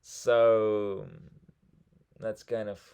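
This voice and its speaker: A man's voice: fairly low pitch, very slow, gravelly, clear, resonant tone. Chatty Russian-accented man coaching English. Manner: switches into Russian mid-thought, energetic and chatty. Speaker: English conversation club host. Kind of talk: casual coaching chat.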